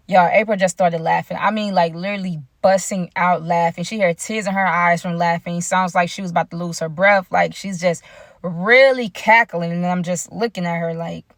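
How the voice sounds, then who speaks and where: A woman's voice: lowish voice, steady tone, normal speed, no echo, studio quality. A young woman telling a personal story in a casual, chatty way, talking straight to her viewers. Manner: chatty, addresses viewers directly.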